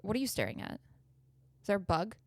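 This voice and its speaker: Young woman co-host, lively swearing storyteller, casual chat, mid pitch, dry studio sound. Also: fairly quick, creaky, dry recording. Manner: animated storyteller, acts out quotes, swears freely. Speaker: podcast co-host.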